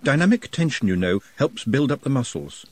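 A man with a husky voice voicing a young male orc who speaks in a calm, precise, overly polite and formal way. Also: mid-range voice, no echo, pitched above the performer's own voice. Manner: precise, formal, quietly measured.

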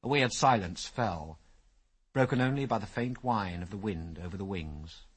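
A man narrating an adventure story as an audiobook, with lively, expressive storytelling. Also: on the low side, normal speed, husky.

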